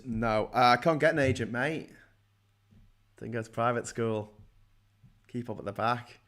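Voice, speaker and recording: A man's voice: mid-range voice, measured pace, long pauses, fairly bright tone. A middle-aged man hosting a casual livestream from his desk, rambling, swearing and joking as he reads out viewer comments. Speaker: live show host.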